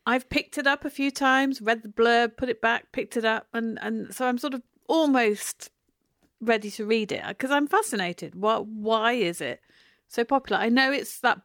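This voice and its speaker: A woman's voice: a little high, normal speed, fairly bright tone, no echo, clean studio sound. A woman co-hosting a book podcast, chatty and curious, talking with fillers. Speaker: podcast co-host and publisher. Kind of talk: casual podcast chat.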